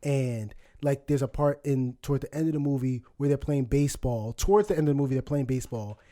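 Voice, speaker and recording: A man's voice: mid-range voice, brisk, mellow. A man in his thirties co-hosting a podcast, telling rambling stories with lots of swearing and laughter. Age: 30s. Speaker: podcast co-host. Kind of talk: casual chat.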